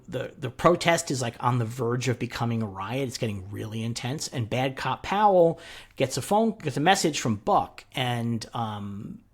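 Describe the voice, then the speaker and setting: A man with a slightly husky voice talks through a TV episode in casual podcast chat. His pitch rises and falls a lot, and he swears freely and fills his sentences with "like" and "um". He sits at a mid pitch for a man. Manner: animated, swears freely, many fillers. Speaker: podcast co-host.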